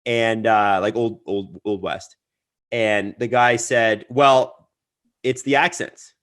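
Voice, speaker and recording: A man's voice: fairly low pitch, fairly even intonation, slow pace, a bit bright, clear, resonant tone. A man co-hosting a podcast in casual chat, laid-back, telling stories and laughing often. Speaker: podcast co-host.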